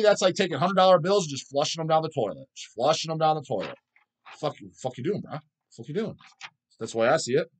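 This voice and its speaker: A man hosting his own channel, answering viewer questions in a blunt, crude, constantly swearing rant. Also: on the high side. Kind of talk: profane casual rant.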